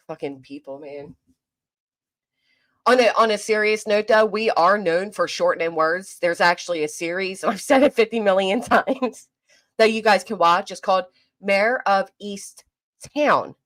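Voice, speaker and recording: A woman with a South Jersey accent hosting a casual livestream, chatting with viewers and reading comments in a fast, clipped, profane, teasing way. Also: medium pitch, a bit bright. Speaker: livestream host.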